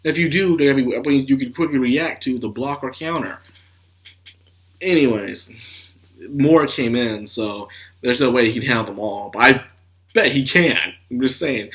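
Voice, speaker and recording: A man's voice: medium pitch, moderate pace. Casual young man reviewing anime, sick. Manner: animated, swears and laughs, acts out scenes. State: sick with a cough.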